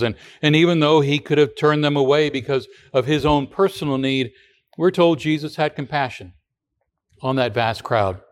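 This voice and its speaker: Male pastor preaching conversationally. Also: medium pitch. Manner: conversational preaching with rhetorical questions and restarts. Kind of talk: radio sermon.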